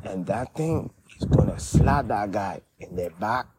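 A man rambling through a joking monologue, his pitch leaping up and down as he tells it. He laughs and curses along the way. Steady noise sits behind his voice. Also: unhurried. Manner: animated, jumps into shrill mock voices, laughs, curses. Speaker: vlogger.

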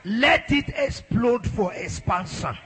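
A man preaching a sermon as a pastor, leading a congregation in loud, exhorting prayer. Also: extremely high pitch, animated, slow pace, soft background music.

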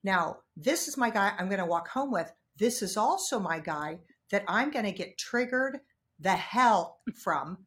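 A woman talking as a podcast guest, telling personal stories frankly and animatedly, jumping from loud outbursts to hushed asides. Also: medium pitch, animated, unhurried. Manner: frank, casual swearing. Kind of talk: candid conversational storytelling.

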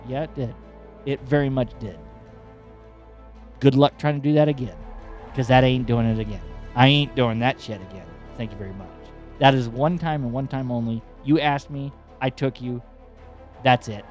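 A man hosting a podcast, telling a personal story in a rambling, animated, profane way. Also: medium pitch, moderate pace, soft background music. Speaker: podcast host.

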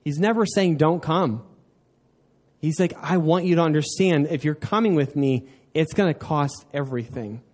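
A man's voice: a little high, moderate pace, darkish tone. A young man preaching a sermon as pastor, conversational and self-deprecating, asking the congregation questions and joking.

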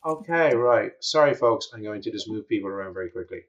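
A man's voice: on the low side, animated, quick pace. A man running a tabletop game on stream as game master, narrating in an enthusiastic, playful way. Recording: dull lo-fi stream audio.

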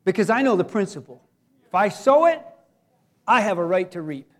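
High-voiced preaching man. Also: very animated, normal speed. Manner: conversational preaching with sudden loud acted cries. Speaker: pastor. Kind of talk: sermon.

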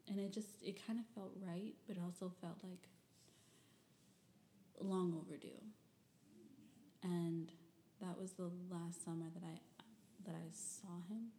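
A woman's voice: lowish voice, steady tone, a little slow, long pauses, dark tone, echoey room, slight background noise. A young woman from Michigan telling personal stories and reading old diary entries in a rambling, candid way, full of fillers and the odd curse. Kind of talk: personal storytelling.

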